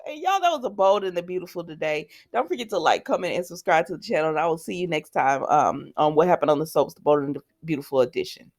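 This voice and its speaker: A woman's voice: on the low side, sing-song, brisk. A woman hosting a casual soap opera recap, chatty and full of fillers and asides as she retells the scenes.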